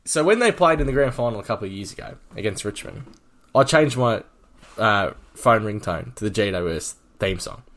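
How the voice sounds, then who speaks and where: Easygoing Australian podcast host. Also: male voice, lowish voice, lively intonation, moderate pace, a bit bright. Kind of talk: casual sports chat.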